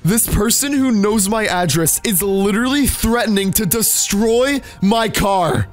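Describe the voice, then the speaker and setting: Teen guy with a high voice, nervous hyped gaming commentary, talks to viewers, faint music behind. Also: unhurried, few pauses. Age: late teens. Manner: anxious, excitable, addresses viewers directly. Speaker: gaming YouTuber. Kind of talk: scripted gameplay commentary.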